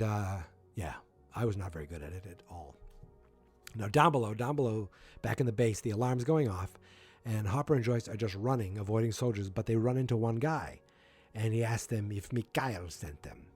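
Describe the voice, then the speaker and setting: A podcast host with a lowish, darkish, slightly rough voice speaks briskly, with faint music behind him. He recaps an episode in a chatty, rambling way, full of personal asides.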